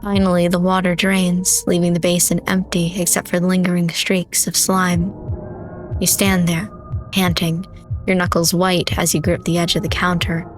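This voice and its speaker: A woman streamer reading a horror visual novel aloud in steady, measured, dramatic narration. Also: on the low side, soft background music. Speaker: game streamer.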